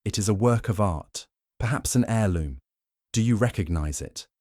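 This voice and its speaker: Poirot, a low-voiced man reading a shrewd detective. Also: animated, a little mellow, dry recording, studio quality. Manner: measured, pointed questioning. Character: shrewd older male Belgian detective, probing. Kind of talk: audiobook narration.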